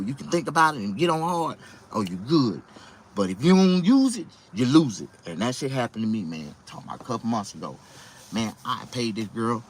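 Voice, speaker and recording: A young man doing stand-up, telling a rambling, profane story in an animated way. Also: medium pitch, slightly rough. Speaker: comedian.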